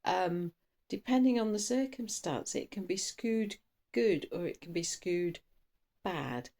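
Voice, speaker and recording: Low and somewhat dark in tone, this woman's voice moves slowly but with lively intonation. She's a tarot reader doing a relaxed, rambling reading, buzzy from coffee, breaking off mid-thought, restarting, and occasionally racing ahead.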